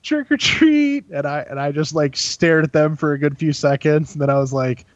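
A man's voice: a little high, little pitch movement, a little fast, no room sound, highs cut off. A man chatting casually on a podcast, rambling with lots of filler words and frequent laughs. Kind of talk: casual chat.

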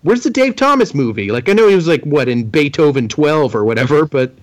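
A man co-hosting a casual movie podcast with a fairly high voice. He talks in a chatty, enthusiastic way and swears freely. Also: sing-song, fairly quick. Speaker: podcast co-host. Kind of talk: casual chat.

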